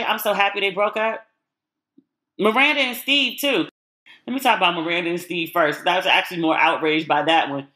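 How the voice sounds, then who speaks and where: A woman hosting her podcast in a casual solo chat, candid and blunt, who swears freely and acts out the people she talks about. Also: medium pitch. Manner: animated retelling with acted-out quotes. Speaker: podcast host.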